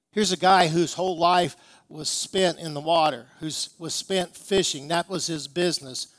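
A pastor preaching a sermon, telling stories with emphasis and rhetorical questions. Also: male voice, fairly high pitch, a little slow, long pauses, no echo.

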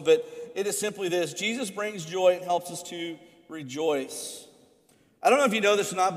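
A man preaching a sermon as pastor, animated, racing through asides and slowing down hard for emphasis. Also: high voice. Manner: animated storytelling, swings from fast asides to slow emphatic lines. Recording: preaching in a reverberant hall.

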